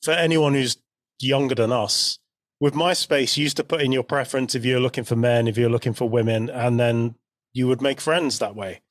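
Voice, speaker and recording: A man in his forties, co-hosting a podcast and telling a story in a relaxed, unhurried, chatty way. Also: medium pitch, dry recording, studio quality. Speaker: podcast co-host. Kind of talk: casual chat.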